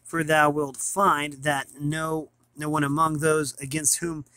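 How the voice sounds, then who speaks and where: Young guy reading old philosophy out loud, stumbles and restarts a lot, bright voice, kinda high. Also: flat delivery, dry recording. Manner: halting, frequent restarts and stumbles over words. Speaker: reader of classic texts.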